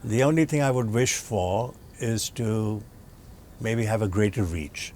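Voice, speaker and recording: An older man from India, a doctor being interviewed, telling childhood stories with lively acted-out dialogue. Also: lowish voice, unhurried, slight background noise. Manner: animated storyteller acting out dialogue. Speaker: guest, doctor and professor. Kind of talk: storytelling in an interview.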